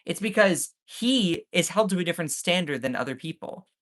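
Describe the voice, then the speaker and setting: A man's voice: sits high, lively intonation, normal speed, a bit bright. A man from the States, ranting sarcastically in live-stream commentary. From Southern United States. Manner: sarcastic, mocking.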